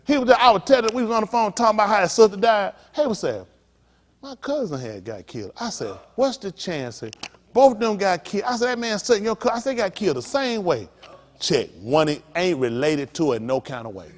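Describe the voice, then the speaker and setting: A middle-aged male pastor preaching in a lively, story-driven way. His voice sits a little high and leaps all over the place. He drops to a mutter, then bursts out loud, and acts out the voices of the people in his stories. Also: fairly quick. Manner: animated, swings from low mutters to loud outbursts; quotes others in acted voices, repeats phrases.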